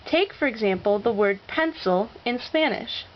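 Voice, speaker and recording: A woman narrating a scripted language lesson, slowly sounding out each example word. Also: on the high side, animated, lo-fi sound, slight background noise. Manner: slow, deliberate, sounding out example words. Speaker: Spanish teacher.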